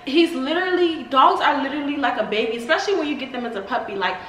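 A young woman chatting casually to her viewers in a home vlog, excitable and talkative, often saying y'all. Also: high-pitched, fast, echoey room, a little hiss or hum, rough recording. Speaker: vlogger.

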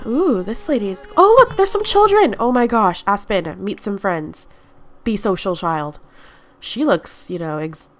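Chatty stuffy-nosed young woman gamer. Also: fairly high pitch. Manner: chatty, talks to her game characters. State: stuffy nose from allergies. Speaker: gaming YouTuber. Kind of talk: casual Let's Play commentary.

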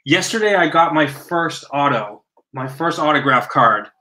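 A man opening trading cards on a live stream from home, talking excitedly and exclaiming in breathless bursts. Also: fairly high pitch, measured pace, rough recording.

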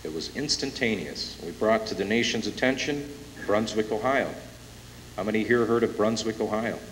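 A man's voice: fairly low pitch, moderate pace. A man emceeing a conference, introducing the keynote speaker with rising emotion. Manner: emotional, building to loud announcements. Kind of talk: impassioned rally introduction. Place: conference hall with a live audience. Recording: echoey hall from far off, hissy tape.

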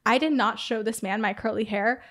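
A young adult woman from Iran tells her story as a podcast guest. Her voice sits a bit high, and she talks in loose, rambling sentences full of "like." It is casual, candid conversation. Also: steady tone, normal speed, a bit bright. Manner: chatty, frequent "like" fillers. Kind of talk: casual interview.

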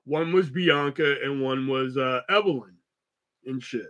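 A man's voice: medium pitch, measured pace, fairly bright tone, muffled recording. A young man hosting a podcast, telling a story in a loose, profane, rambling way full of fillers. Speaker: podcast host. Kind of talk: casual storytelling.

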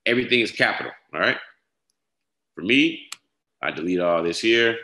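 Low bright-voiced man teaching step by step. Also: a little fast, slight background noise. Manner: steady, repetitive step-by-step instruction with frequent "all right?". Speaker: trading software instructor. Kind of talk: screen-share tutorial walkthrough. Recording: echoey room.

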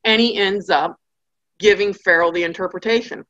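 A woman's voice: medium pitch, normal speed, a bit bright, dull audio. A woman giving a conversational Bible study lecture, with joking asides and acted-out characters.

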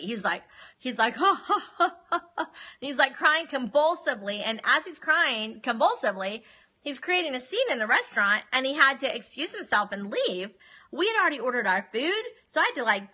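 A woman's voice: on the high side, pushed and bright. A woman, telling her life story casually on a phone livestream and addressing viewers as y'all.

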